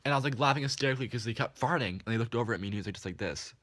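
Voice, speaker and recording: A young man vlogging a storytime, animated and full of swearing and "like" fillers. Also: mid-range voice, racing, no echo. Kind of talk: storytime vlog.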